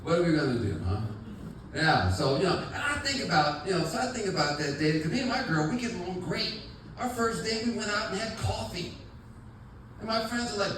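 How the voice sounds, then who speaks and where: A man's voice: sits high, expressive, brisk, heavy reverb, recorded from a distance, noisy background. A male stand-up comedian telling stories in a rambling, chatty way on a club stage. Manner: rambling, chatty, many fillers. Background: audience laughter.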